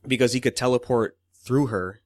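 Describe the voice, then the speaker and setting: A man's voice: medium pitch, moderate pace, a little mellow, no echo, studio quality. A man co-hosting a podcast in loose casual chat, swearing often and laughing as he quotes people. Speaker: podcast co-host.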